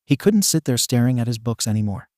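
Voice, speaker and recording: A man giving a steady scripted narration of a fan fiction story. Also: medium pitch, quick pace, dry recording, clean studio sound.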